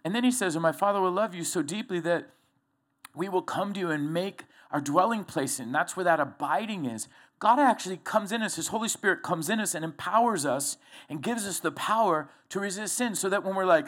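A man's voice: fairly high pitch, brisk. Folksy preaching middle-aged man. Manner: folksy, animated preaching with personal stories. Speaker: pastor. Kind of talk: sermon.

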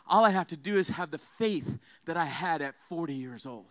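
A man's voice: a little high, expressive, moderate pace, hardly any pauses, a bit bright, no room sound. A man preaching a sermon with fiery emphasis, having the congregation repeat his phrases.

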